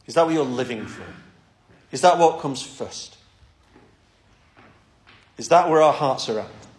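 A man's voice: mid-range voice, unhurried, reverberant. A man preaching a sermon and leading prayer, talking earnestly and often repeating words as he starts a thought.

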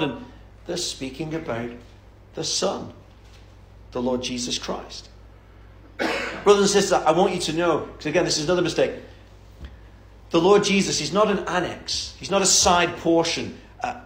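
A man's voice: on the high side, roomy sound. A man preaching a sermon in a church, fervent and emphatic, building up with repeated phrases.

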